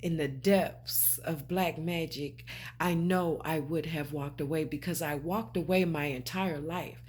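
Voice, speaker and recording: A low, darkish-toned female voice, with a bit of hiss or hum in the recording, belongs to a spiritual vlogger addressing viewers directly. She hammers her points home preachily and calls them babe and honey.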